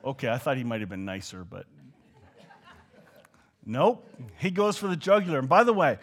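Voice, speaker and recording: Lively Canadian man preaching. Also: medium pitch, normal speed. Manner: animated and joking, dropping to hushed tones. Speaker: pastor. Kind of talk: sermon.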